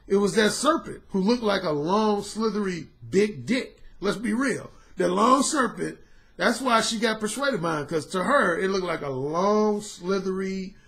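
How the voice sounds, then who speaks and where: A man hosting a podcast, a dating coach delivering an animated, profane storytelling monologue. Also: sits high. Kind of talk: casual monologue commentary.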